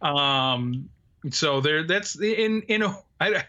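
A man chats through a movie recap on a casual podcast, laughing often and swearing freely. His voice sits high and swoops around with lots of movement. The tone is bright and forward. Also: lively intonation, slow pace, highs cut off. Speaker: podcast co-host.

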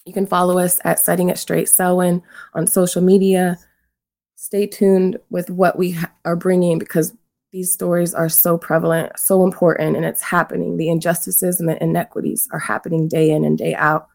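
A woman's voice: on the low side, level tone, moderate pace, creaky, darkish tone. A woman hosting a show, introducing a guest and earnestly urging listeners to act. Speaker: podcast host.

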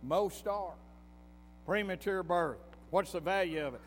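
A preacher delivers his sermon like a folksy story, his fairly high voice climbing into emphatic bursts. The voice rings through a hall with a long reverb while soft music plays underneath. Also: unhurried.

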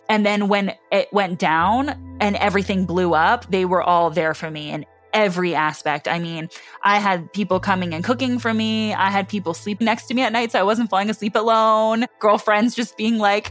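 A woman's voice: medium pitch, fairly even intonation, moderate pace, faint music behind. A woman telling her personal story in an earnest way, close to tears at times. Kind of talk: emotional personal account.

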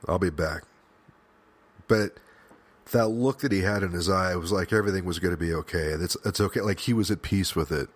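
A man hosting a podcast, talking earnestly in a personal, reflective monologue, with an emotional, halting delivery that often restarts. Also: sits low. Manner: frequent restarts and fillers, swears at times. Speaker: podcast host.

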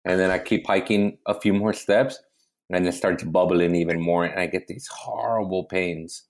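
Comedian guest with a deep low voice, animated, swears freely while telling a story. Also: male voice, moderate pace. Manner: animated, profane, keeps restarting. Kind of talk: casual storytelling chat.

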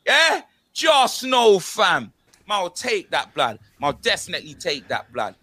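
A young man with a London accent, hosting a football podcast in slangy, animated banter. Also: a little high, normal speed, husky, dry recording. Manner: slangy, animated banter with constant tag words. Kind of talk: casual chat.

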